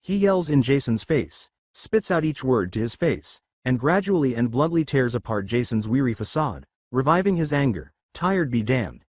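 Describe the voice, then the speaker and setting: A man narrating fan fiction in a steady, scripted storytelling manner. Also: medium pitch, normal speed, hardly any pauses, dry recording, clean studio sound.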